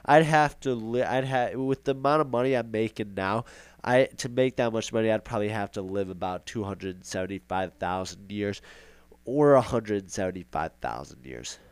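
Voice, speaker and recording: A man's voice: fairly low pitch, normal speed, clean tone, no room sound. A young man hosting a casual podcast monologue, rambling and sarcastic, repeating himself for effect. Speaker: podcast host.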